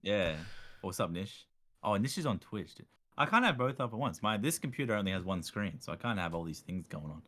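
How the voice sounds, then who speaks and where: A young Australian man hosting a casual streamed chat, animated and jokey, laughing often. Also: fairly low pitch, a little fast. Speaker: streamer host.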